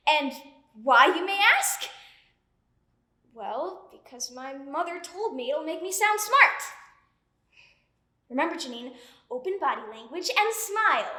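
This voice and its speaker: A woman's voice: sits high, bright, forceful tone, full character voice. A young woman performing a monologue as an anxious young woman who rehearses for a college interview and scolds herself. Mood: fretful. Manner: frantic self-scolding, chattering to herself. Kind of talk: stage monologue. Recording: roomy echo.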